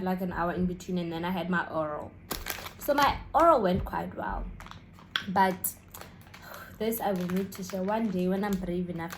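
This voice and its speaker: A young South African woman talks straight to the camera in a relaxed, rambling vlog. She chats on as she snacks, with a mid-pitched voice and a faint hiss behind her. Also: rough recording. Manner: chatty, rambling, eating snacks while talking. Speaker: YouTuber. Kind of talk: casual storytelling vlog.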